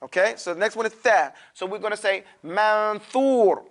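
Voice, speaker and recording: A man teaching a Quran recitation class, drawing syllables out slowly for students to repeat, then explaining in quick, loose talk. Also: high-pitched, a bit bright. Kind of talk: classroom tajweed lesson.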